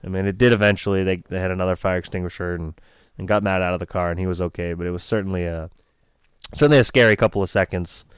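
A man with a low-pitched, fast voice tells a race-day crash story in a casual, rambling way, swearing freely and retelling it with lots of animation. He's a race crew member chatting on a storytelling podcast, and the recording is studio quality with a clean tone and no room sound.

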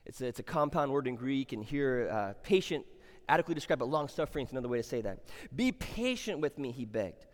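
A pastor preaching a sermon, explaining scripture and driving points home with rhetorical questions and repeated phrases. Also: male voice, mid-range voice, quick pace, big-room sound.

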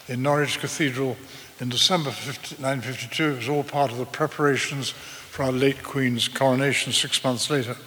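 A preacher in his eighties tells stories in a measured and vivid way. His voice is bright and forceful, and it rings out with a long reverb in a church hall. A faint ambience sits behind him. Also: mid-range voice, slight background noise. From eastern England. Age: 80s. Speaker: pastor. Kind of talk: sermon.

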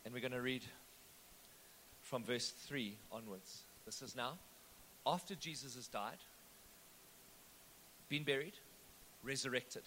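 A man's voice: medium pitch, takes it slowly, pauses often, sharp tone, a little hiss or hum. A man, preaching a sermon and retelling the text as a story with joking asides. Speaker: pastor. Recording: echoey hall.

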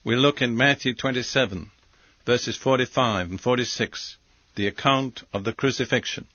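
A man of middle pitch teaches from scripture in slow, deliberate phrases. The recording is dull and lo-fi. It is close and dry with no room around it. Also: pushed and bright, no echo. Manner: measured, deliberate delivery in short phrases. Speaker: Bible teacher. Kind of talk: sermon.

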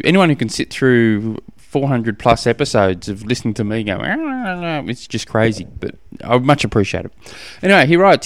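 A man's voice: medium pitch, no room sound. Rambling, friendly male podcast host. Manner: rambling, self-deprecating, chatty with many fillers. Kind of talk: casual solo podcast answering listener questions. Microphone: studio podcast microphone.

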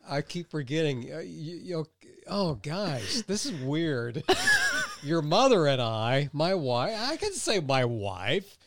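A man's voice: on the high side, sing-song, slow pace, slight background noise. Rambling, laughing podcast co-host man. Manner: rambling, laughs often, self-deprecating. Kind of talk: casual chat.

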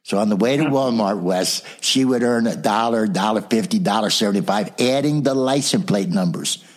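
An older man tells lively stories from his years as a motivational speaker and trainer. His voice is low and husky. He acts out the people in his anecdotes, shifting into their voices as he goes. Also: normal speed. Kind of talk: storytelling in a casual interview.

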